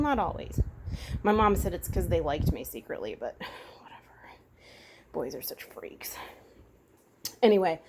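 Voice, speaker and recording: A woman's voice: mid-range voice, darkish tone. A woman rambling in a casual rant, chatty and full of asides, recorded outdoors. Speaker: vlogger. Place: outdoors by a freeway. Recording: faint traffic noise outdoors.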